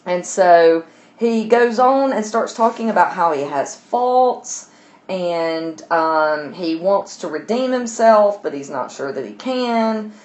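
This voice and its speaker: A woman with a notably low-pitched voice talks through a literature lesson. She paraphrases the chapter loosely and chattily, leaning on fillers as she goes. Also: expressive, slow pace, darkish tone. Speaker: literature teacher. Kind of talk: recorded lesson summarizing a novel.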